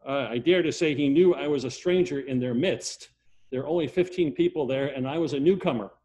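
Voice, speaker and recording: An older man preaching a sermon and telling a story, with emphatic repetition, swinging from loud passages to hushed ones. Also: mid-range voice, a little fast.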